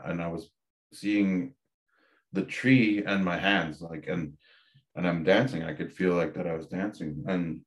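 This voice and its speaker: A man, a podcast guest candidly telling a personal story with frequent fillers and restarts. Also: low voice. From Ontario, Canada.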